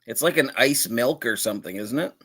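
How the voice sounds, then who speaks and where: Man, co-hosting a casual live-stream chat. Rambling delivery, full of "like" and "uh", quick to chuckle. Lively, up-and-down pitch, mid-low voice, heard over a video call. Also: husky. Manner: rambling, chuckles often, lots of filler words.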